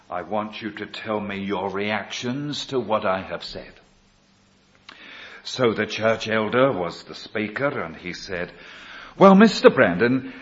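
Slow-speaking man preaching a testimony. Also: fairly low pitch. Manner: slow storytelling, quoting others in dialogue. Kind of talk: sermon testimony. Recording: dull lo-fi recording.

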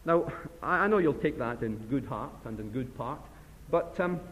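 Guy preaching in a church hall, big pitch swings, long echo tail, gets loud then drops quiet. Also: expressive, moderate pace, phone-quality sound. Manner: impassioned, swings from loud emphasis to hushed. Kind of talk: sermon.

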